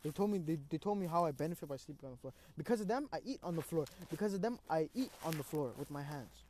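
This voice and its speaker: A young man with a fairly high voice and quick pace tells a personal story in casual conversation, using street slang and saying "bro" a lot. He's animated, acting out his own reactions and cries.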